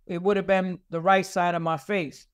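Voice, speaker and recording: Profane, high-voiced New storyteller. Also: male voice, moderate pace, smooth. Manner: profane, animated street storyteller. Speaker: podcast guest. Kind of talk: casual storytelling.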